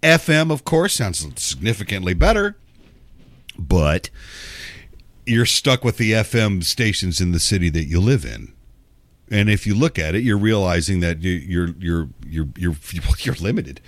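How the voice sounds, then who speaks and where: A radio show host who's getting over a cold rambles through a sarcastic, profane talk radio monologue, often restarting his sentences. His pitch swings widely and he speaks unhurriedly. The sound is dry and close, with no room sound.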